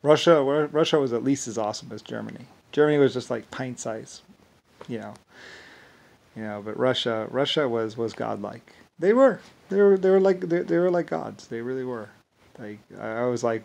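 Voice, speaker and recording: A man talking in a rambling monologue, halting and repetitive, with many fillers and restarts. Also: medium pitch, expressive, creaky, darkish tone. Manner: chuckles while telling stories.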